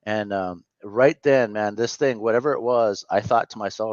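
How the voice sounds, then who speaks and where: A man in his fifties recounts his own story as an interview guest, earnest and candid, often stopping to correct himself. His voice sits low. The recording is dry, with a dull, lo-fi sound. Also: darkish tone, no echo. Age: 50s. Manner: earnest and candid, halting with frequent self-corrections.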